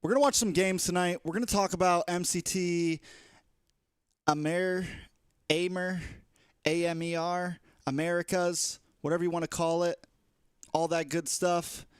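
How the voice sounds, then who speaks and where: A young man, an esports shoutcaster, chatting loosely and playfully as he opens a casual livestream. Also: high-pitched, steady tone, normal speed, smooth, no room sound, studio quality.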